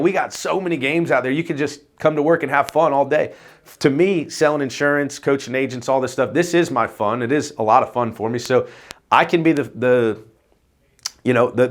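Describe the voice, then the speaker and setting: A man's voice: medium pitch, a bit bright. Man, agency owner, off-the-cuff vlog delivery, loose and rambling, casual swearing. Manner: loose, rambling, tags "right?" often. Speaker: insurance agency owner coaching agents.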